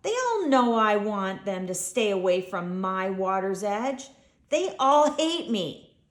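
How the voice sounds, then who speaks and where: A woman voicing a grumpy, hot-tempered male hippo who complains loudly and pities himself, for a storybook. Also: mid-range voice, very animated, slow pace. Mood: sulking. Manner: loud, self-pitying complaining. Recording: echoey room.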